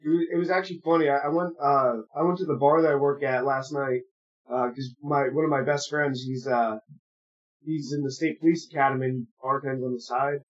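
A man's voice: medium pitch, fairly even intonation, brisk. A young man from New Jersey co-hosting a casual podcast chat, joking, swearing freely and laughing often. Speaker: podcast co-host. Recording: dull lo-fi call audio.

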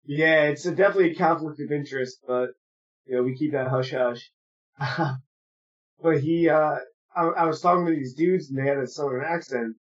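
A young man from New Jersey, his voice pitched a bit high for a man, comes through dull, lo-fi call audio. He co-hosts a loose chat, joking, cursing and laughing as he goes. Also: normal speed. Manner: joking, swears freely, laughs often. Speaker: podcast co-host. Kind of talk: casual chat.

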